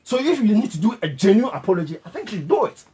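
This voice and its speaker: Ghanaian male panelist, critical and lecturing, husky with a lively pitch. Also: quick pace. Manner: critical, lecturing, mixes English and Twi. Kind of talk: heated panel discussion.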